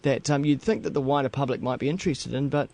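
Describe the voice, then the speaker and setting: A man's voice: mid-range voice, fast, vocal fry, darkish tone. New man hosting a radio chat. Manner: conversational, repeats words when starting. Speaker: radio host. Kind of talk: casual radio interview.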